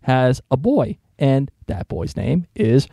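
A man's voice: medium pitch, very animated, takes it slowly, creaky, dark tone, slightly rough, no room sound, clean studio sound. A man co-hosting a casual history podcast, explaining things with jokes and frequent laughs. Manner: joking, laughs often while explaining. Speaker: podcast co-host.

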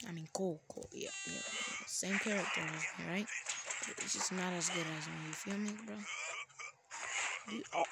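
A woman giving casual gameplay commentary as a streamer, full of playful slangy trash talk and excitable outbursts. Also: on the low side, moderate pace. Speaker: gaming streamer. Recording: loud background noise.

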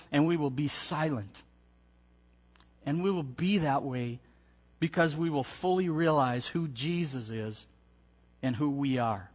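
Man preaching in a reverberant hall. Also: a little high. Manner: earnest preaching, reads scripture aloud slowly. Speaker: pastor. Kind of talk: sermon.

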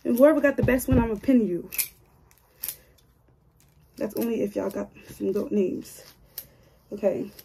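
Chatty woman vlogger with a mellow voice. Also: medium pitch, normal speed, gravelly, pauses often, slight background noise. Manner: chatty, joking, grumbles and talks to herself. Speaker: hair vlogger. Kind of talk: casual chat to viewers while styling her hair.

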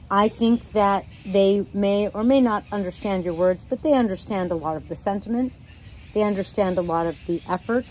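A woman hosting a parrot channel who gives casual advice at home in a gentle, relaxed, chatty way. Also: medium pitch, slight background noise, low-quality recording. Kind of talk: casual instructional talk.

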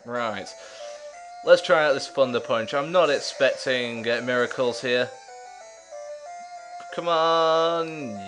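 A man's voice: mid-range voice, a bit bright. A man hosting a let's play, giving casual gameplay commentary with chatty, jokey, self-mocking asides.

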